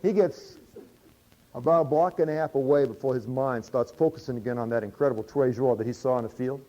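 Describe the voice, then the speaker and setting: A man's voice: medium pitch, a little fast, dark tone. A male preacher retelling a parable in folksy sermon storytelling, with a humorous, drawling, conversational manner. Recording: dull lo-fi recording.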